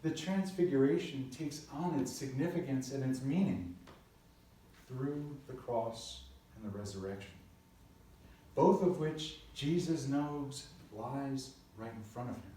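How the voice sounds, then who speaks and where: A male pastor preaches in a slow, unhurried way, his voice dark and mellow. He tells stories earnestly and drops in playful asides. The sound comes from a very echoey church sanctuary, picked up from a distance with faint room noise behind him. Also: medium pitch. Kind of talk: sermon.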